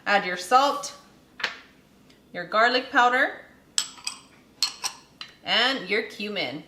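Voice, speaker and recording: A woman's voice: medium pitch, lively intonation, drawn-out words, background noise. Giggly woman hosting a kitchen cooking demo. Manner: chatty, giggly, addresses viewers as friends. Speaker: cooking show host. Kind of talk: casual cooking demonstration. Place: home kitchen with frying food.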